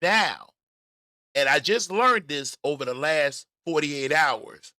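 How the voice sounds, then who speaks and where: A man hosting a casual commentary livestream, talking in an animated, emphatic way with frequent stammers and restarts. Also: a little high, measured pace, no echo, studio quality. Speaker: host.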